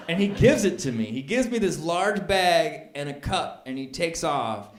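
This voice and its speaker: A man performing a stand-up comedy set, telling stories in an animated way and jumping up high when he acts out scenes. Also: measured pace, few pauses, very noisy. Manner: animated storytelling, jumps to high excited pitch when acting out scenes. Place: comedy club stage before a laughing audience. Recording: echoey club room with crowd laughter.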